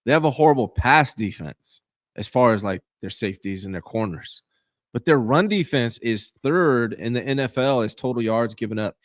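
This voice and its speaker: A man's voice: expressive, moderate pace, no room sound, studio quality. A man co-hosting a casual sports talk show, making emphatic points about team strengths. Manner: emphatic, analytical, drops to low mutters. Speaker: podcast co-host.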